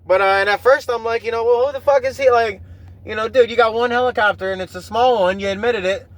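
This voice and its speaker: Casting: high-pitched male podcaster, loose rambling rant, swears a lot, keeps restarting thoughts. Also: steady tone, fast, no room sound. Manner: profane, rambling, with frequent restarts. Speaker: podcast host. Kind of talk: casual rambling monologue.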